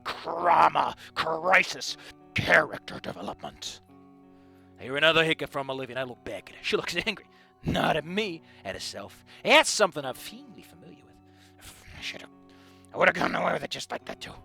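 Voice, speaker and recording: A young man reading fan fiction aloud and ranting about it, with animated, sweary, exasperated outbursts. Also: on the high side, fast talker, gravelly, breathy edge, soft background music.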